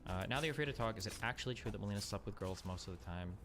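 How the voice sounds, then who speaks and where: Over background music, the lowish-voiced streamer rambles fast and casually on his stream. He's exasperated and blunt, cursing often and using tons of fillers.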